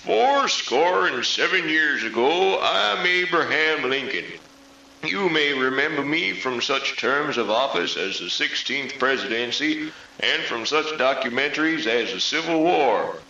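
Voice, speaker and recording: A man playing a pompous old statesman in a spoof commercial, speaking slowly and gravely. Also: mid-range voice, expressive, roomy sound, heavily acted. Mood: mock-solemn. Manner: slow, grave, mock-dignified oration. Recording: lo-fi CD track over loud music.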